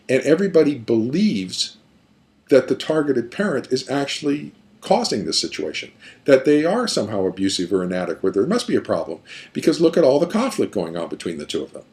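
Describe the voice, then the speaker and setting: A man's voice: mid-range voice, very animated, fairly quick, darkish tone. A man who works as a therapist, explaining a pattern step by step in an emphatic lecture with repeated phrases. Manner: emphatic, repetitive, building points step by step.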